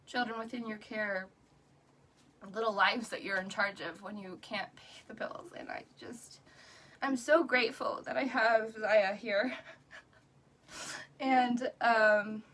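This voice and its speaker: A woman's voice: on the high side, steady tone, slow, long pauses, fairly bright tone, distant mic. A woman in her thirties, tearful and crying as she talks earnestly and encouragingly in a live video to a group. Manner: earnest, encouraging, breaks into little laughs. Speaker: direct sales rep.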